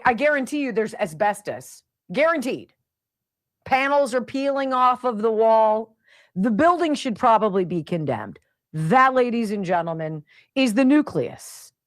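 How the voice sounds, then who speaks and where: A woman's voice: mid-range voice, no echo. A middle-aged woman hosts a talk radio show, her voice swinging up and down as she rants with sarcastic exasperation. She is close on a studio mic, and the sound is dry. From Pennsylvania, United States.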